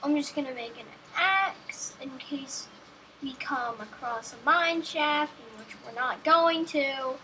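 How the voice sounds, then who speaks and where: A woman's voice: high voice, slow pace, sharp tone, a little hiss or hum, rough recording. A woman giving casual, rambling gameplay commentary, talking to herself and joking as she plays. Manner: rambling, self-talking, jokey.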